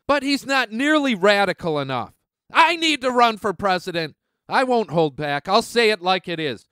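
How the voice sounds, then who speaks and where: A man's voice: sits high, fairly bright tone, smooth, no echo, clean studio sound. Heated sarcastic male talk-radio host. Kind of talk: ranting political commentary.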